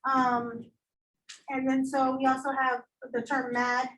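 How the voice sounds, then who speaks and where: A woman teaching a high school English lecture, chatty and animated, acting out quoted voices as she explains. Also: slow pace, poor audio. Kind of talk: classroom lecture.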